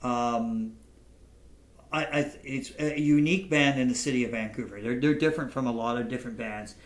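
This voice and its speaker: A man hosting a podcast, talking in a halting, casual way with frequent restarts and laughter, telling stories to his guest. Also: medium pitch, reverberant. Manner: halting, repeats words, laughs often. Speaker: podcast host. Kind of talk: casual interview chat and storytelling.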